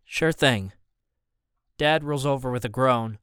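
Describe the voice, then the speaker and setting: A man giving first-person scripted audiobook narration in an even, measured way. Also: medium pitch, clean tone, no echo, studio quality.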